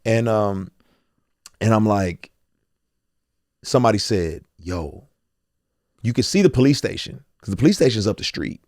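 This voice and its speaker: Brief: man in his forties, lowish voice, animated storyteller, dry close sound. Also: unhurried, pauses often, no room sound. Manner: animated storyteller, acts out quotes. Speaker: guest. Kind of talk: candid storytelling.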